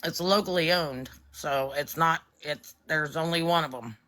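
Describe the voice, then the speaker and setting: A woman chats on a live stream in a blunt, offhand way, swearing casually. Her voice sits on the low side, with a sharp, bright edge. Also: measured pace.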